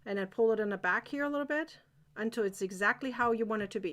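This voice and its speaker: A woman leads a live crochet tutorial in a chatty, excitable way, stopping often to check that everyone is keeping up. Her voice sits a little high. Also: fast. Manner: chatty, encouraging, excitable, asks viewers if they follow. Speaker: crochet teacher.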